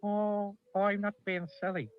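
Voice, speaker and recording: A man's voice: high-pitched, level tone, measured pace, a little hiss or hum, voice pushed up. A man voicing a cheeky, mischievous male goblin in a 1970s cartoon, with a gleeful, teasing manner, heard on a dull old TV soundtrack.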